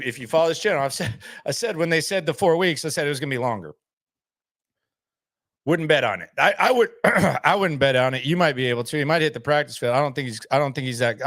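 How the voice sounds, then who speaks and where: A man hosts a sports channel in a casual, unscripted talk, answering viewers with blunt skepticism. His voice sits at an ordinary middle pitch, and he keeps restarting his sentences. The recording is dry, with no room echo. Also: a bit bright. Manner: blunt, skeptical, repeats himself, frequent restarts.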